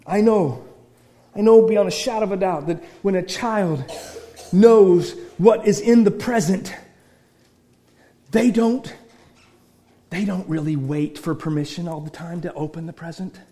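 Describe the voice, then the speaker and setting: High-voiced preaching man, hushed to shouting. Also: measured pace, long pauses. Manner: repeats and restarts phrases. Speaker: pastor. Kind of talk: sermon.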